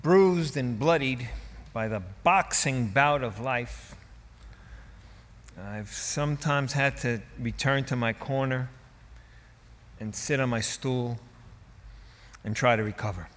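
A male pastor delivering a dramatic, emphatic sermon, his loudness swinging widely from hushed to booming. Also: takes it slowly, long pauses, long reverb tail.

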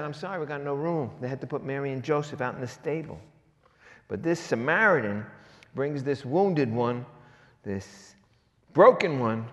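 A male pastor preaching a sermon, asking rhetorical question after question and swinging between loud emphasis and hushed lines. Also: a little high, highs cut off. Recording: long reverb of a large hall.

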